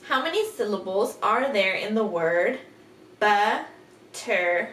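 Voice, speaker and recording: A woman teaching kindergarten phonics, sounding out letters and words slowly with exaggerated care and patient, encouraging questions. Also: medium pitch, lively intonation, fairly bright tone, recorded from a distance. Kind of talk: recorded phonics lesson for young children. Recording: echoey room, off-mic, faint background hiss.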